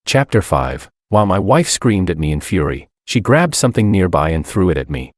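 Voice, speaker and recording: A man's voice: sits low, sing-song, fairly quick, few pauses, no echo, studio quality. A man giving scripted first-person narration of a dramatic story. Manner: dramatic, pleading in his own quoted lines.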